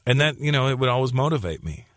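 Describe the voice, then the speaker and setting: A Canadian comedian in his forties tells stories as a guest in a conversational interview, speaking fast at a medium pitch. He's an animated storyteller who restarts phrases and repeats them as he goes. The recording is dry with clean studio sound.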